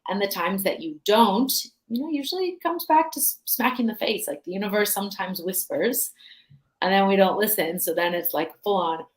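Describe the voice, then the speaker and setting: A woman's voice: mid-range voice, expressive, moderate pace. A woman hosting a podcast who answers her guest with reflective thoughts and images. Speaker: podcast host. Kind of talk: casual podcast interview.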